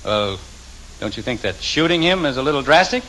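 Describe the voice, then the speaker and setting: A man's voice: medium pitch, lively intonation, brisk, sharp tone, slight background noise, poor audio. An actor playing a flustered middle-aged family father in a 1950s radio sitcom, exasperated and sputtering.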